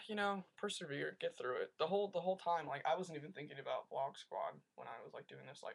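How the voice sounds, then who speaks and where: A young man telling a rambling story to his webcam, animated and full of "like", in a casual vlog. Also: a little high, fairly quick, vocal fry, few pauses, slightly rough. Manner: rambling, animated rants with lots of "like". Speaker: vlogger.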